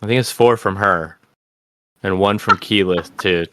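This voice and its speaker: Low-voiced relaxed man podcast co-host. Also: a little slow, no room sound. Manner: relaxed, recounts moments with filler words. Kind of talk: casual chat.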